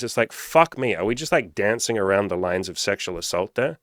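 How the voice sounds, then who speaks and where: A man speaks in a fairly low voice, delivering dating coaching as a blunt, profanity-laced monologue. He hammers his points with emphatic rhetorical questions. The sound is dry and close, with no room around it. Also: lively intonation, brisk, hardly any pauses, a bit bright, no echo. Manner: blunt, heavy swearing. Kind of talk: casual monologue to camera.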